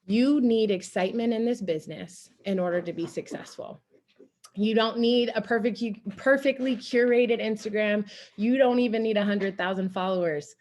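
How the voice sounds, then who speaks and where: Energetic woman telling her story. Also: mid-range voice, slight background noise. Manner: energetic, animated storytelling with acted-out quotes. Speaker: guest speaker on a team coaching call. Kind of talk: motivational team call talk.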